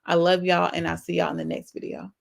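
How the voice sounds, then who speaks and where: Reading out her viewers' comments, a woman hosting a casual live-stream Q&A replies in an earnest, affectionate, faith-filled manner. She speaks quickly in a fairly low, level, creaky voice.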